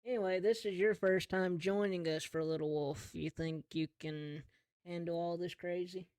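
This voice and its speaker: A man running a tabletop game as game master, narrating in an easygoing, slow descriptive way. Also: high voice, fairly even intonation, a little mellow, clean tone, no room sound.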